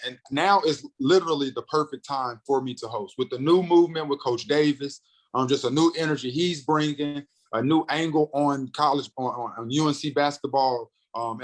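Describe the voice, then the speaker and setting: A comedian from North Carolina, a man in his thirties, telling a story in a casual interview with lively, animated delivery that acts out the other people's lines. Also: on the high side, rough recording. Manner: animated storyteller, acts out quotes, fast bursts. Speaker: comedian and radio host, podcast guest.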